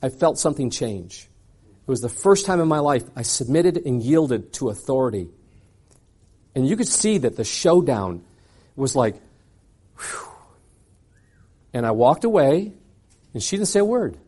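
A man telling a personal story in a sermon, dramatic and animated, acting out scenes with frequent asides. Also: medium pitch, a little slow, long pauses, husky.

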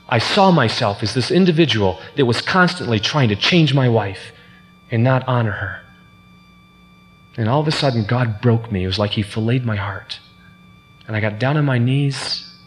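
A man's voice: medium pitch, normal speed. A man giving an earnest, sermon-style personal testimony, acting out the quoted voices as he tells the story. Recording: reverberant hall with faint hum.

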